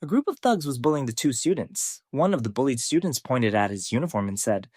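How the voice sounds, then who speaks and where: A man in scripted narration, retelling a comic story in an even, matter-of-fact way. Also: medium pitch, a little fast, hardly any pauses, no echo, clean studio sound.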